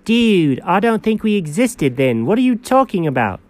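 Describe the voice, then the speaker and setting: A high-voiced man riffs through improvised comedy banter, his pitch leaping all over the place. He rambles and gasps theatrically, and the recording is close and dry. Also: very animated, moderate pace, no echo. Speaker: comedy co-host.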